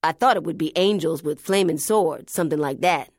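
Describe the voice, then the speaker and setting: A man's voice: on the high side, a little fast, no echo, clean studio sound, natural voice. A woman voicing an anxious middle-aged male street preacher in an audiobook, pleading and insistent. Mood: hopeful.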